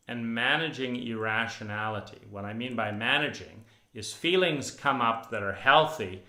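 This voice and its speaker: A man's voice: mid-range voice, pushed and bright. A male therapist giving a sardonic monologue, acting out weary inner voices. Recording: roomy echo.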